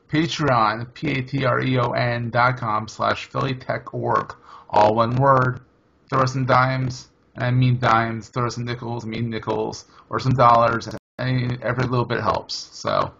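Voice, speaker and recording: Gravelly-voiced chatty podcast host man. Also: mid-range voice, a bit bright, dull audio, a little hiss or hum. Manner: rambling, chatty, self-correcting. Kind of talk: casual chat.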